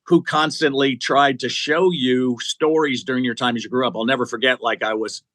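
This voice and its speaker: Bright, animated storytelling man. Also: mid-range voice, moderate pace, no echo. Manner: animated storyteller, acting out quotes. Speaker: guest, executive search CEO. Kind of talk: storytelling in an interview.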